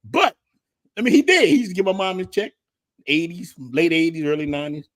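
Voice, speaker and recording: A man's voice: on the high side, very animated, a little fast. A man, telling slangy stories in a laughing, casual barbershop chat. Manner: loud laughing storyteller, slangy. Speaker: podcast host.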